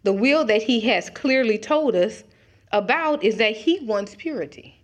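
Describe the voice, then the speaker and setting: A woman's voice: a little high, expressive, a little slow, muffled recording. A middle-aged woman preaching a conversational sermon, acting out little dialogues as she talks.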